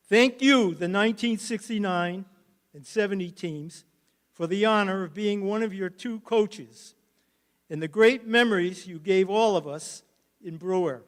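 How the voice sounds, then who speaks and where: Emotional older man, high voice. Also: big-room sound. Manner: halting, emotional, emphatic. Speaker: former baseball coach giving induction speech. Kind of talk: ceremony speech.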